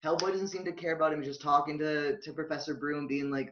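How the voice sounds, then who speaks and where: A man's voice: on the high side, fast talker. Man ranting animatedly on a lo-fi podcast. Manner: animated ranting, swears, loud laughs. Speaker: podcast co-host. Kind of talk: casual movie review chat. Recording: dull lo-fi audio.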